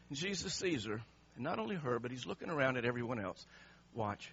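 A man's voice: medium pitch, very animated, fast, a bit bright, slightly rough, highs cut off. A male pastor preaching an impassioned sermon, emphatic and repeating words for effect.

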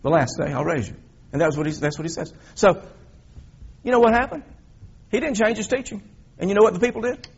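A man delivers a sermon in a gravelly, husky voice. He tells the story with animation, rising loud for emphasis and then dropping to quiet, reflective passages. The recording sounds dull and lo-fi. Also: high-pitched, expressive, quick pace. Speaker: pastor.

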